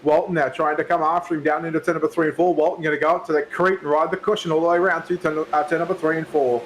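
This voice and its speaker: Slightly high-voiced man calling race results. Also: rapid-fire, slight background noise. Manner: builds excitement, calls finishing order. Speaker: co-commentator and driver. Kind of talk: sim racing play-by-play commentary.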